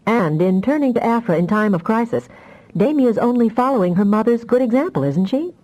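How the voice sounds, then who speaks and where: A woman reading an audiobook voices a calm, affectionate husband who talks in a gentle, teasing way. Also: fairly high pitch, a little fast, pitched above the performer's own voice, poor audio. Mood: gently teasing.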